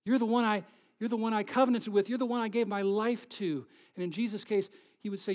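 A male pastor preaching a sermon, swinging between hushed, whispered lines and loud, pleading ones, often asking the congregation questions. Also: high-pitched, normal speed. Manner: asks the congregation rhetorical questions.

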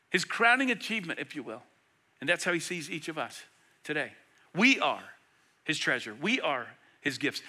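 A middle-aged male pastor delivering a sermon, earnest and emphatic, swinging between loud emphasis and hushed tenderness. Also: on the high side.

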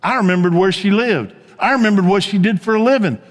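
A man preaching a sermon as pastor, telling stories in a conversational way and dropping to a hush on key points. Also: high-pitched, quick pace, big-room sound. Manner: conversational storytelling preacher, swings from animated to hushed.

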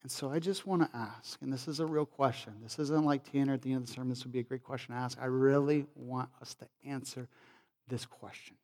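A male pastor preaching a sermon and leading a prayer, moving from quiet pleading to loud, fervent appeals. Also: medium pitch, fairly even intonation, a little fast. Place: church sanctuary. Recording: long hall reverb.

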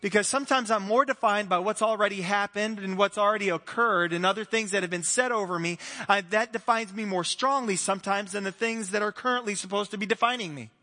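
Preacher, male: high, bright, earnest, long hall reverb. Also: a little fast, hardly any pauses. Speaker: pastor. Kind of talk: sermon. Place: church hall.

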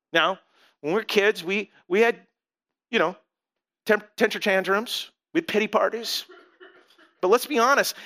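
A male pastor delivers a sermon in a relaxed, storytelling manner, breaking into animated asides. His voice sits high and sounds crisp and clear throughout.

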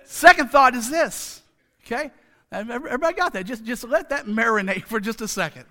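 Man, pastor, sermon, high voice, bright tone, conversational, joking asides. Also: moderate pace. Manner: repeats phrases for emphasis.

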